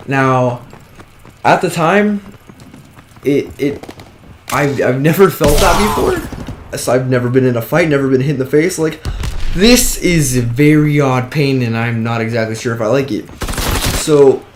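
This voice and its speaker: A young man tells a casual story at a middle pitch, rambling and leaning on filler words like "like" and "whatever." A steady hiss of background noise sits under his voice. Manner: rambling, drops "like" and "whatever" everywhere. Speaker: vlogger.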